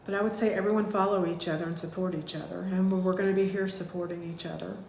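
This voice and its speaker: A woman, teaching a live online spiritual class in a gushing, heartfelt way with drawn-out thank-yous. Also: on the low side, fairly even intonation, creaky, a little mellow, a little hiss or hum. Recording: echoey room.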